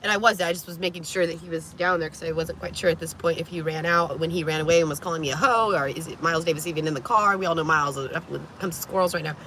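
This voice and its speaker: A woman vlogger telling a story to camera in an animated, profane way, laughing and coughing often. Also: sits low, rapid-fire, few pauses, slight background noise.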